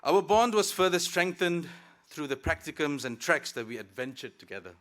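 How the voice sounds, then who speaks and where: Addressing his classmates at graduation, a Malaysian student speaker offers a reflective convocation speech laced with light humor. He talks at a moderate pace in an animated, slightly high, somewhat bright voice, and the setting is a ceremony hall.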